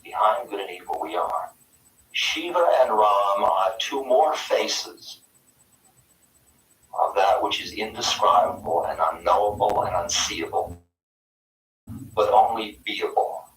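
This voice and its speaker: A man giving a live spiritual talk in a conference hall, animated and playful, swinging between loud bursts and soft whispers. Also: fairly low pitch, slow, pauses often. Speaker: spiritual teacher. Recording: echoey hall, mic far off.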